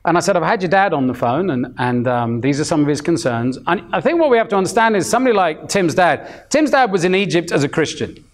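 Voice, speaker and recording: Lively-voiced man in his fifties preaching. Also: fairly high pitch, fast talker, few pauses. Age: 50s. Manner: storytelling, acting out quoted voices; chatty, full of restarts. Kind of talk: sermon.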